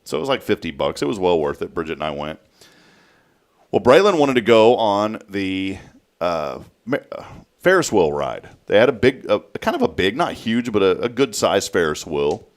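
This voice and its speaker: A man, hosting a casual studio talk show and telling a story with lively flair. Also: on the low side, moderate pace. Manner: animated storytelling, acts out a child's voice. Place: local TV studio.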